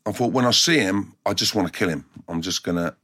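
Blunt former footballer, lower voice. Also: male voice, fast. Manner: blunt, animated, puts on voices when quoting. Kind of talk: anecdotal storytelling in a documentary interview.

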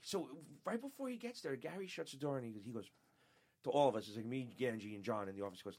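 A man from upstate New York, a former radio show staffer, telling profane, animated stories as a guest in a casual chat. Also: medium pitch, quick pace. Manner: profane, animated, laughing, acts out quotes.

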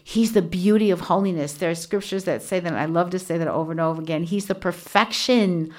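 A woman's voice: on the low side, a little fast. A woman hosting a solo devotional podcast from a small home studio, talking earnestly and chattily with many fillers. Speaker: podcast host. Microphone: studio microphone with earphones.

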